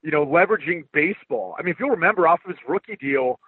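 A man calls in over a thin, phone-like line. He analyzes football in a relaxed, conversational way, with filler ums. His voice is a little high and sounds dry. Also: quick pace, creaky, husky, no echo. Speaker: guest analyst. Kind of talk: casual sports analysis. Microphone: phone call.

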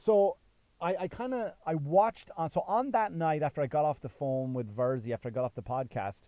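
Speaking a little high and fairly quick, this Irish-born comedian in his thirties rambles through a casual solo episode of his podcast, stumbling over fillers and starting sentences over. Years in the US have worn down his accent. The audio is dry, with the highs cut off.

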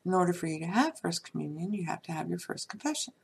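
A woman casually telling a personal story from her life to her viewers, chatty with many asides and soft laughs. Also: lowish voice, lively intonation, fast, creaky, a little hiss or hum.

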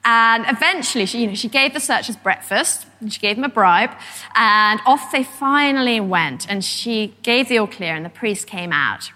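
Woman historian telling lively stories at a lecture, bright clear voice, hall reverb. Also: on the high side, normal speed. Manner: lively, animated storyteller. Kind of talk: public lecture, storytelling.

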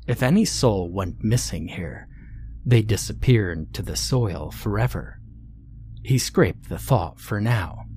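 A man narrating a scary story in a slow, deliberate, ominous scripted reading. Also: on the low side, animated, darkish tone, a little hiss or hum.

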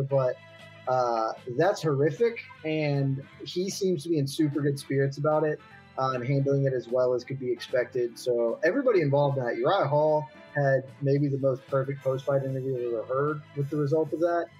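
A man talking casually as a podcast panelist, sounding excited. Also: on the high side, rough recording. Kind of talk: casual chat.

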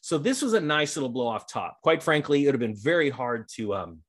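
A middle-aged man hosting a casual commentary vlog, energetic and sarcastic, rambling as he reads and reacts. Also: medium pitch, a little fast, breathy edge. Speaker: real estate YouTuber.

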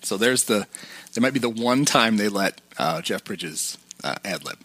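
A man's voice: lowish voice, expressive, normal speed, a bit bright, slightly rough. A man hosting a podcast, casually retelling film scenes and quoting lines. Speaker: podcast host.

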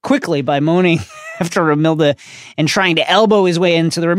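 A man's voice: on the high side, a little fast, clear, resonant tone, no echo, clean studio sound. A man co-hosting a podcast, retelling book chapters in a jokey, casual way with slang. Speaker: podcast co-host. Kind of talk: casual book recap chat.

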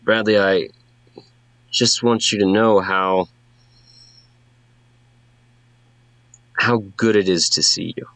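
A man voicing a formal older father, a wealthy newspaper owner who speaks in a measured way. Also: fairly low pitch, fairly even intonation, fairly bright tone, no room sound. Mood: solemn.

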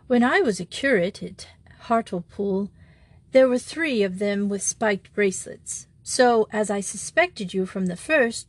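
A woman voicing a meek, apologetic little male country priest who speaks simply and gently. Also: medium pitch, no echo, natural voice.

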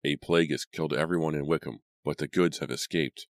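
A man with a very deep voice playing an obsessed, furious frontier father who gives stern, booming commands in an audiobook. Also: brisk, creaky, no room sound, studio quality. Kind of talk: audiobook character voice.

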